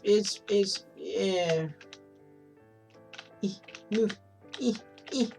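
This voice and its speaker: A woman streaming a game, chatting casually and rambling, swearing often as she goes. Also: mid-range voice. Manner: rambling, swears freely, frequent restarts. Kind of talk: casual chat while gaming.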